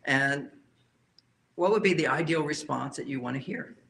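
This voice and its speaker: A man's voice: a little high, normal speed, creaky, a bit bright. A man speaking as a relationship counselor, giving an emphatic talk to a live audience and often repeating key phrases.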